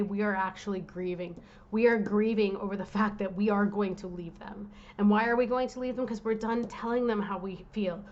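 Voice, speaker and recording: A woman's voice: a little high, muffled recording. Impassioned woman giving a tarot reading. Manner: impassioned, direct, talking to the viewer. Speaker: tarot reader.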